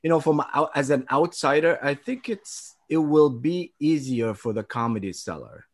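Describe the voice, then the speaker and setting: A man's voice: fairly high pitch, animated, moderate pace. Hesitant man with many fillers. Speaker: guest, comedy producer. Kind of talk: casual podcast interview.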